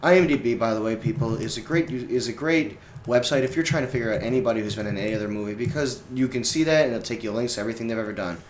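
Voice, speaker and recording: A man's voice: mid-range voice, rapid-fire, few pauses, a little hiss or hum. A young man co-hosting a casual movie chat, rambling with many fillers and restarts. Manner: rambling, full of "like" and restarts, sometimes yelling for fun. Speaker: podcast co-host. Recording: echoey room.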